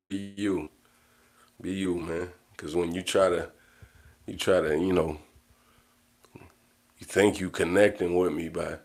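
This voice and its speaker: A man with a low, deep voice speaks in a casual livestream monologue. He is blunt and profane and circles back to repeat his points. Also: a little mellow. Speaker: livestream host.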